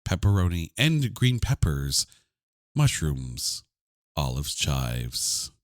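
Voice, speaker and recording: A man putting on a pompous reciter who reads with slow, halting, overly dramatic pauses. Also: very deep voice, sing-song, no echo, studio quality, voice pushed down, heavily acted. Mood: mock dramatic.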